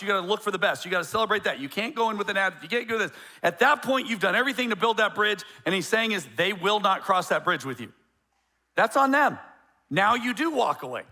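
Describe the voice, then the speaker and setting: Bright-voiced joking male pastor. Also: high voice. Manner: conversational and joking, with quick asides and many restarts. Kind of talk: sermon.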